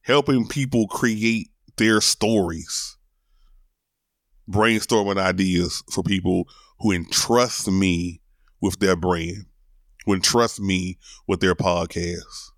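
A man's voice: low-pitched, fairly even intonation, takes it slowly, a bit bright, dry recording, studio quality. A middle-aged man hosting his own solo podcast, talking candidly and emotionally, cursing casually and repeating words as he builds his point. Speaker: podcast host.

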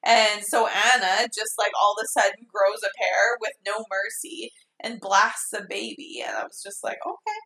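A woman's voice: medium pitch, moderate pace, gravelly, hardly any pauses. A woman co-hosting a casual movie recap, laughing often and acting out scenes as she retells them. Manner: laughs often, animated retelling with quoted voices. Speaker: podcast co-host. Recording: roomy echo.

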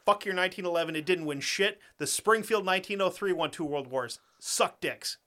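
A man's voice: sits high, sharp tone. A young man co-hosting a podcast, cursing freely, ranting and laughing, then reading a story aloud. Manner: profane, rants fast and laughs a lot. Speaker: podcast co-host.

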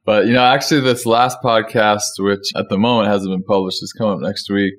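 Low-voiced easygoing podcast host. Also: male voice, steady tone, brisk. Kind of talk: casual podcast conversation.

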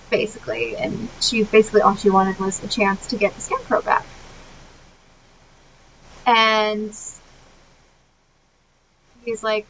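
A woman's voice: mid-range voice, normal speed, gravelly, pauses often, a little hiss or hum, poor audio. A woman co-hosting a podcast, retelling a film scene by scene in casual chat with lots of fillers and laughs. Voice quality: animated, many fillers, laughs often. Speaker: podcast co-host.

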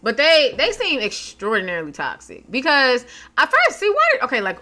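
A woman co-hosting a podcast in casual chat, excitable and quick to laugh. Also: sits high. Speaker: podcast co-host.

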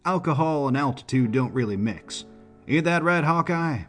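A man's voice: a little high, animated, soft background music, pitched above the performer's own voice, lightly acted. A man doing a folksy bush pilot. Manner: slow folksy drawl, colloquial. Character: big, folksy rural pilot, easygoing.

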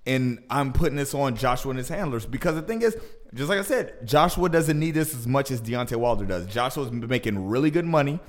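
A man co-hosting a casual boxing podcast, talking in an animated way and getting louder as he argues his point. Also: brisk. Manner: animated, heats up and rises in pitch when arguing. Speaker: podcast co-host.

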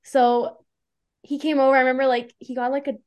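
A young woman in casual chat, retelling a story with breathless enthusiasm. Her voice sits a little higher than most, and she leans on "like" and acted-out quotes. She sounds eager and chatty throughout. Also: level tone, a little fast, a little mellow. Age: young adult. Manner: gushing, filler-heavy with "like". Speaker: fan guest.

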